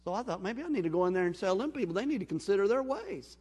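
Preaching with long reverb echoing around a church sanctuary, this male pastor acts out the dialogue of a story, moving between loud and hushed. His high voice is husky and sing-song, and he talks quickly.

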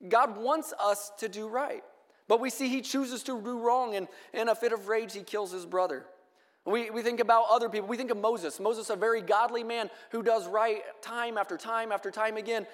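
A man preaching a sermon at a measured pace, reading scripture aloud in a church hall. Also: high voice, steady tone, a bit bright. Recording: long echo of a hall.

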